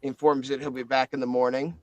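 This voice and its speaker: A man's voice: medium pitch, flat delivery, fairly quick, darkish tone, no room sound, low-quality recording. A man narrating as game master in a casual tabletop game, with fillers and swearing.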